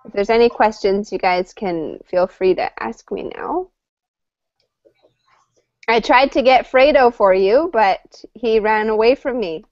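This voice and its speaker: Bright-ish woman teacher on a video call, dry close sound, kinda muffled lo-fi audio, lots of laughs. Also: on the high side, no room sound. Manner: upbeat, laughs often, speaks slowly for learners. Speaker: English teacher. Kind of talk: online class, friendly chat. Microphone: computer mic on a video call.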